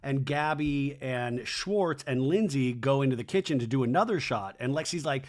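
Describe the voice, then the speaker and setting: A man's voice: medium pitch, animated, normal speed, few pauses, a little mellow. A man hosting a podcast, recapping a reality show in a casual, sarcastic way and acting out the quotes in exaggerated voices. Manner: profane and sarcastic.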